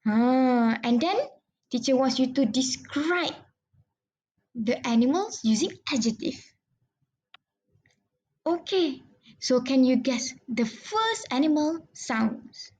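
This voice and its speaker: A woman's voice: sits high, expressive, takes it slowly, pauses often, a little mellow. A young woman giving a mock online grammar lesson, patiently explaining step by step to an imagined class. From Malaysia. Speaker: trainee English teacher.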